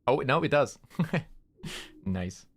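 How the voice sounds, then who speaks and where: Slow and animated, his husky voice carries a casual gaming livestream. The Canadian streamer rambles, curses occasionally, and coos at his cats in a high pitch.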